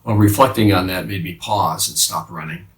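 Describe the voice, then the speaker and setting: A man playing the apostle Peter as a remorseful fisherman, confessing haltingly in a dramatic monologue with many restarts. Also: low-pitched, natural voice. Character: remorseful male fisherman apostle, middle-aged, haunted by guilt. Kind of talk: dramatic first-person monologue. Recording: roomy sound from a distant mic.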